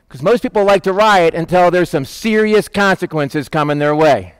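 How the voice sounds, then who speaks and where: A man preaching a sermon, telling a Bible story and acting out the quoted voices in a lively, casual way. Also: sits high, normal speed, few pauses, clean tone, no echo. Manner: animated, acts out quoted voices. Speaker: pastor.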